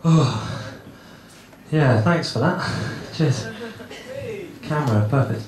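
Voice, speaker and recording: This young stand-up comic takes his time, speaking slowly in a mid-range voice. He's awkward and rambling on the club stage, cursing a lot and running himself down, while the live audience roars with laughter in an echoey room.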